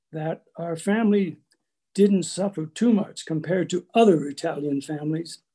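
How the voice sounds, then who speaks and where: An older man from Canada giving a prepared lecture, telling family stories in a measured way with small restarts. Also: fairly high pitch, warm tone, husky. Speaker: guest lecturer.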